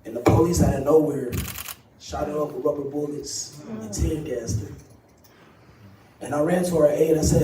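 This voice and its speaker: Halting, soft-spoken man testifying. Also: a little high. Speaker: activist and co-founder of a group. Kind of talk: emotional public testimony. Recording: distant, roomy livestream audio with faint noise.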